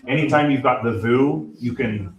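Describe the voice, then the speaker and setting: A man's voice: medium pitch, normal speed, lo-fi sound, background noise. A man directing a choir rehearsal, upbeat and joking, demonstrating the sounds he wants by singing them. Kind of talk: rehearsal instruction. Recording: echoey room, far mic, singers around.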